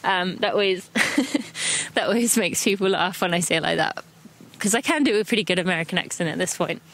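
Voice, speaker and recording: Walking outdoors, a chatty English woman hosts a running podcast, guiding listeners with encouragement and stride countdowns in casual audio-guide style. Her voice is fairly low, brisk, and a bit bright, and the recording is rough.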